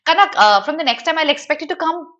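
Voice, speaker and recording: A young woman with an Indian English accent teaches a live online class. Her voice is bright and a touch high. She explains the text animatedly and keeps checking in with her students. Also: fast talker, dull audio. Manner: animated, asks students questions, addresses viewers by name.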